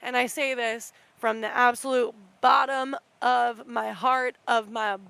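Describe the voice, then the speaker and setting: Young female podcast host, high-pitched, dry close sound, swearing and rambling passionately in a solo rant. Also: fairly even intonation, a little slow, vocal fry, pushed and bright, clear, resonant tone, no room sound. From United States. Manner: profane, impassioned, rambling. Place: outdoors at night.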